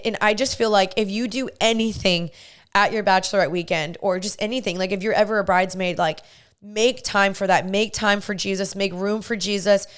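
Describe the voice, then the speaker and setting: A woman's voice: mid-range voice, a bit bright, smooth. A young woman hosting a podcast, telling a story in a gushing, chatty way and saying "like" constantly. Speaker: podcast host. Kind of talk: casual storytelling monologue.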